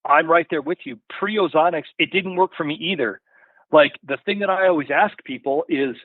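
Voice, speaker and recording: A slightly high-voiced man rambles through a story as a podcast guest, leaning on fillers and "you follow?". His voice comes through a tinny phone line. The sound is dry and close. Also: moderate pace, no room sound. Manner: rambling, full of "you know" and "right?" tags. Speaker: podcast guest from a hunting gear company. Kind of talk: casual storytelling in an interview.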